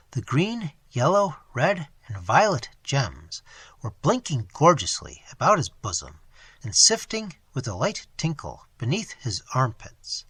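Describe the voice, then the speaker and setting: Theatrical man reading a story, husky voice. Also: medium pitch, no room sound. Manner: expressive, theatrical.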